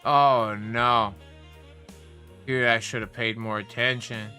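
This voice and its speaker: A man's voice: mid-range voice, fairly even intonation, slow pace, pushed and bright, soft background music. A young man hosting a livestream, ranting casually with heavy profanity and a heated, rambling delivery. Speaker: livestream host.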